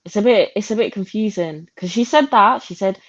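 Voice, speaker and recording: A woman's voice: medium pitch, brisk, dry recording. A woman co-hosting a podcast, giving casual reality-TV commentary in an incredulous tone and quoting people in mocking voices. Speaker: podcast co-host. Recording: slightly dull, lo-fi audio.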